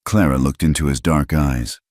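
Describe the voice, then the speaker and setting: A man reading a frontier story as scripted narration in a slow, measured way. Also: rumbling low, steady tone, darkish tone, dry recording, studio quality.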